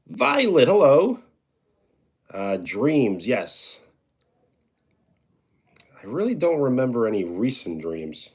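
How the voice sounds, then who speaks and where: New York-accented streamer, male, unhurried delivery, rough-edged voice. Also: mid-range voice, sing-song, darkish tone. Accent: New York (Brooklyn / Long Island). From New York, USA. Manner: slow, unhurried, answers chat questions with dry humor. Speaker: live streamer. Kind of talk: casual live-stream chat, reading comments. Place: at home.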